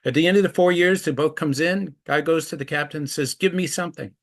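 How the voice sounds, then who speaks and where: A man's voice: a little high, quick pace. Earnest middle-aged man telling stories. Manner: earnest, acts out quoted voices in anecdotes. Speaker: anti-trafficking activist speaker. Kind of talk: storytelling presentation.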